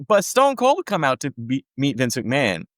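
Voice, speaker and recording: A man co-hosting a casual podcast, giving wry, lively commentary on old wrestling shows. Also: mid-range voice, moderate pace, no echo, clean studio sound. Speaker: podcast co-host. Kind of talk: casual recap chat.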